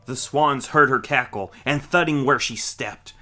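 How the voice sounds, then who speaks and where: A man reading a rhyming children's book aloud with a rhythmic, expressive delivery. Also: mid-range voice, measured pace, soft background music. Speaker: storyteller.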